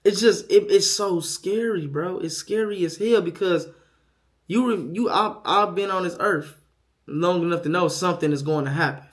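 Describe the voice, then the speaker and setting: Here a first-time dad, young and speaking to camera, is honest and profane as his quiet self-doubt gives way to loud, animated storytelling. He talks at a normal speed, his voice sitting high.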